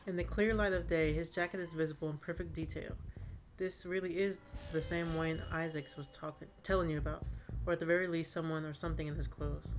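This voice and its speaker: Chatty woman streamer, slightly low voice. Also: a little fast, a little hiss or hum. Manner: chatty, animated reactions, frequent laughter. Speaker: streamer playing a game. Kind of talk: game playthrough commentary and narration.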